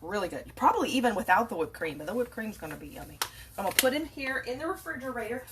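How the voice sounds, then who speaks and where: A woman's voice: a little high, very animated, racing, a little hiss or hum. A woman chatting casually as she cooks in her home kitchen, rambling a little and restarting her sentences, recorded on a phone. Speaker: home cook.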